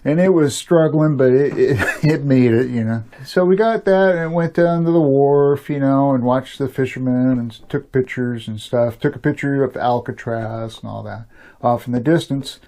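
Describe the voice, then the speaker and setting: An older man telling a long personal story in a loose, rambling way, chuckling often and filling pauses with "you know.". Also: medium pitch, dark tone, slight background noise. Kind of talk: casual spoken storytelling.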